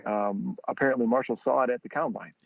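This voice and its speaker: A man telling a story as a guest on a podcast. He acts out the people he quotes with sudden high jumps in his voice. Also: fairly even intonation, quick pace, vocal fry, no room sound. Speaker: guest, training football founder. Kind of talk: animated storytelling. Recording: dry, tinny phone-line sound.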